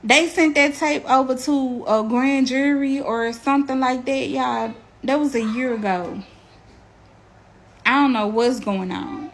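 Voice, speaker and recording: High-voiced woman telling a painful story. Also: slight background noise. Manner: halting, repeats herself, close to tears. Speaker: mother telling her story. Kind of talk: emotional storytime.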